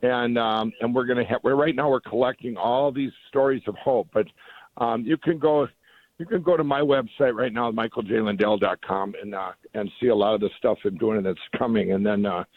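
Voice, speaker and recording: Speaking as a phone interview guest, a middle-aged man goes on enthusiastically and rambles, restarting often. His mid-range voice is fairly even and fairly quick, and the dry recording has the tinny sound of a phone line.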